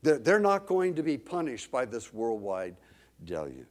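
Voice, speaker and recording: A man preaching a sermon, reading scripture dramatically and telling a lively personal story. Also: mid-range voice, unhurried.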